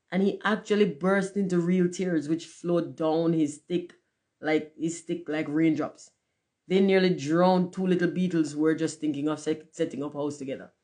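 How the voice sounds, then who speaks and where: A woman narrating a storybook in an unhurried, plain reading voice. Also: low-pitched, mellow. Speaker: reader.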